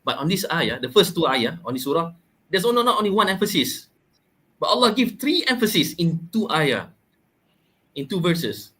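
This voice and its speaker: A man's voice: a little high, sing-song, moderate pace, a bit bright. A man, explaining a Quran chapter in a casual podcast talk. He often halts and repeats words, and he uses everyday examples. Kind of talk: casual religious discussion.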